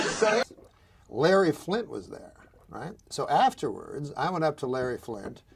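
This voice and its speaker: A man doing a comedian's deadpan jokes and a halting, circling talk show story. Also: medium pitch, vocal fry, heavy background noise. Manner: deadpan, halting, circling back over his own phrases. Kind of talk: deadpan joke delivery and rambling anecdote.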